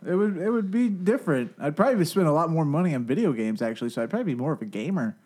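A man's voice: a little high, animated, rapid-fire, a little mellow, breathy edge. A man on a casual podcast, thinking aloud and correcting himself as he goes. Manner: hesitant, self-correcting. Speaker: podcast co-host. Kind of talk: casual chat.

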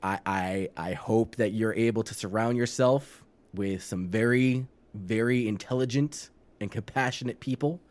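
A man from Long Island co-hosting a podcast, talking casually with swearing and halting restarts. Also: on the low side, darkish tone. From Long Island, New York. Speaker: podcast co-host. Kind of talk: casual chat.

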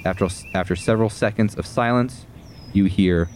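A man narrating scenes as game master of a tabletop role-playing game, in a measured, descriptive way. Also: fairly low pitch, background noise.

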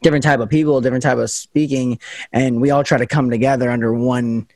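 A man's voice: mid-range voice, fairly even intonation, fast talker, a little mellow, no room sound. A young American man with a standard American accent, a political science student, casually explaining things in long run-on sentences. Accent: General American. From United States. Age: young adult.

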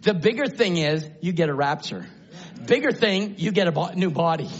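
High-voiced preacher, dull lo-fi recording. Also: male voice, expressive, normal speed. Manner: swings from low musing to shouted exclamations. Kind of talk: sermon. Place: church sanctuary.

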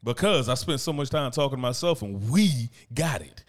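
A man's voice: mid-range voice, moderate pace, crowd noise. A man in casual chat, telling stories with lots of swearing and acting out the voices of people he quotes. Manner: profane, animated storytelling, acts out quoted voices.

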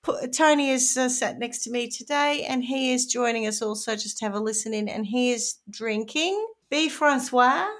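A woman's voice: fairly high pitch, a bit bright. A woman with an Australian accent co-hosting a casual podcast and steering the conversation. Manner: brisk, steering the chat. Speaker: co-host. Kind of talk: casual chat.

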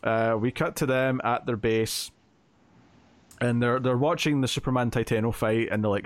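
A man's voice: medium pitch, steady tone, moderate pace, no echo. A man co-hosting a podcast, casually recapping a comic book plot with lots of fillers and quoted lines. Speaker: podcast co-host.

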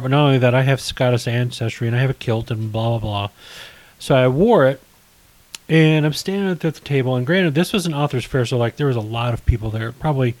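A middle-aged man co-hosting a casual podcast chat tells rambling stories, correcting himself as he goes. His voice is mid-range with a darkish tone, and the recording is low-quality.

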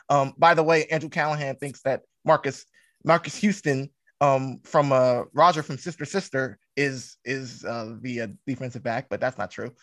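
A man's voice: fairly high pitch, fairly bright tone, no echo. A man hosting a casual sports podcast, earnest and steering the conversation back to the topic.

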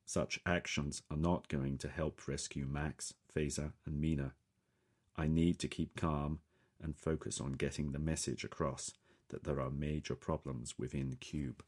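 A man reading a first-person story in a calm, measured way. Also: very deep voice, husky. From England. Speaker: audiobook narrator. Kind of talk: scripted first-person narration.

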